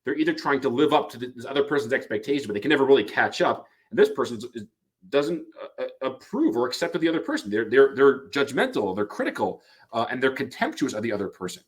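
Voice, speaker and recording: A man's voice: mid-range voice, sing-song, fast talker. A man giving an explanatory talk on couples therapy, acting out quoted lines and often restarting his sentences. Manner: acts out quoted lines, frequent restarts and fillers.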